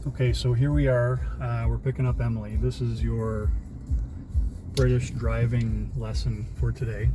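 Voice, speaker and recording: A man's voice: medium pitch, level tone, normal speed, background noise. A Canadian man narrating a casual travel vlog, chatty and rambling with many fillers, recording outdoors and from a car. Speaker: travel vlogger. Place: outdoors and in a car, rainy town streets.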